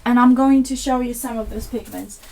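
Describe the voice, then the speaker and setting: A woman's voice: fairly high pitch, steady tone, fairly quick, vocal fry, noisy background. A young woman from Poland, hosting a live craft session and chatting to viewers in a rambling, self-mocking way as she paints at her desk. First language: Polish. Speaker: craft video host. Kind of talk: casual live craft chat.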